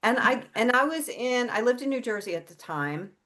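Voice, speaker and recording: Speaking at normal speed in a fairly high, slightly bright and animated voice, this middle-aged woman is an interview guest who works as a psychic and healer. She recounts something personal in a candid, easygoing way, cursing freely.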